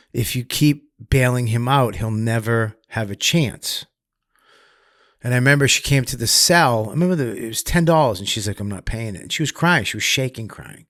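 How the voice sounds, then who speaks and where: A man's voice: mid-range voice, no echo. A middle-aged man tells his story candidly as a podcast guest, swearing freely. He acts out the other people's lines with a sudden rise in volume. The sound is dry and close. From Massachusetts, US. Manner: profane, animated, acts out quotes loudly. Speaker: guest comedian.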